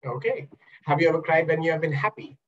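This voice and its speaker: A man's voice: on the high side, fast talker, highs cut off, a crowd in the background. A man coaching in a webinar over a video call, explaining by asking questions and acting out examples. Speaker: NLP coach and trainer. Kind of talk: webinar talk.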